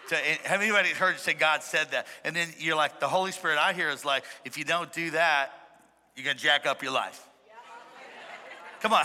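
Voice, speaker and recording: A man preaching a sermon to a congregation, emphatic and playful, calling on the crowd to shout back. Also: a little high. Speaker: pastor. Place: large church hall. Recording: echoey hall reverb.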